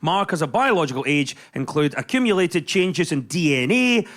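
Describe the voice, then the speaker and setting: A man hosting a comedy news quiz, brisk and bantering with the panel. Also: on the high side, very animated, fairly bright tone. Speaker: quiz show host.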